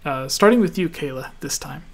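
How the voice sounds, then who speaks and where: A Canadian man hosts a laid-back gaming podcast, laughing a lot as he goes through listener questions. His voice is fairly high and he speaks a bit quickly.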